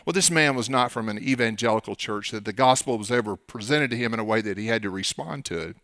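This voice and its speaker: A middle-aged man with an Oklahoma accent, a pastor preaching a sermon and swinging between quiet stretches and loud, emphatic rises. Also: lowish voice, quick pace, no echo, clean studio sound.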